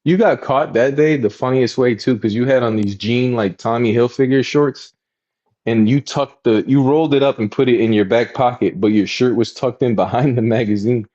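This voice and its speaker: A man's voice: moderate pace, dull audio. A man in his thirties co-hosting a podcast, telling stories in casual chat and acting out quotes. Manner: animated, acts out quotes in high voices. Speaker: podcast co-host.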